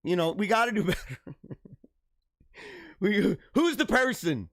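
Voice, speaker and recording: A man's voice: high voice, a little slow, no room sound, studio quality. A man hosting a live show, joking and laughing as he riffs on a news story. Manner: jokey, animated, laughs often. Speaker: show host. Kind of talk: livestream commentary.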